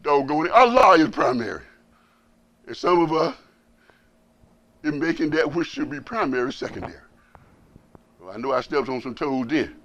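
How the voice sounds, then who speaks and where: A man preaching a Friday sermon as imam, blunt and colloquial, repeating words for emphasis and swinging from loud preaching to low asides. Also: lively intonation, normal speed, pauses often, highs cut off, a little hiss or hum.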